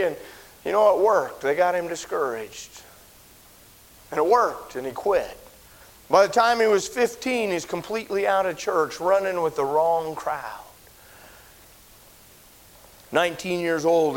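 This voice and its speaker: Impassioned preacher, man, loud to hushed. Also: on the high side, unhurried, pauses often, low-quality recording. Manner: swings from loud emphatic storytelling to hushed pleading. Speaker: pastor. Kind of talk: sermon with story and closing prayer.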